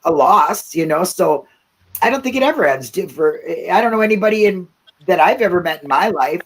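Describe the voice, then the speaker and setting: A woman's voice: on the low side, expressive, fairly quick, husky, low-quality recording. A woman hosting a casual talk-show discussion, talking emphatically, repeating herself and often asking "you know what I mean?".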